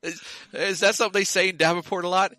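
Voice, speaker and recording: A man's voice: sits high, fairly even intonation, fast talker, sharp tone, dry recording. A man co-hosting a podcast in casual chat, teasing his friend and laughing often. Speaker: podcast co-host.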